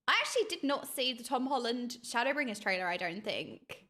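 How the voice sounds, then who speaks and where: A woman streamer chatting excitedly with her viewers as she reacts to videos, laughing often. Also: fairly high pitch, a little fast, few pauses. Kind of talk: live-stream reaction chat.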